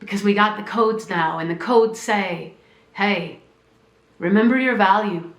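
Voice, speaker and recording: This spiritual teacher and podcast host speaks in a mid-range, unhurried voice that reverberates around her. Her monologue is heartfelt, her voice shakes with emotion, and she repeats phrases like a preacher.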